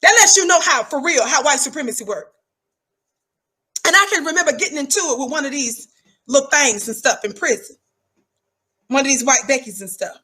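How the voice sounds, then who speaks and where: A woman's voice: sits high, lively intonation, a little fast, pauses often, pushed and bright. A middle-aged woman, talking in an emphatic, preachy livestream monologue and repeating words for effect. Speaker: livestream commentator.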